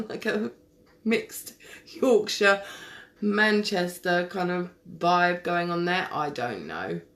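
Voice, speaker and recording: A woman with a gravelly, slightly bright voice on the low side chats with her audience while doing makeup on a live stream. She addresses viewers' comments by name, recorded through a webcam or phone.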